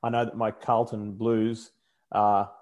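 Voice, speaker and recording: A man's voice: lowish voice, level tone, a little slow, darkish tone, dull audio. An Australian man, a motorsport commentator, chatting casually and rambling with frequent self-corrections. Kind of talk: casual chat.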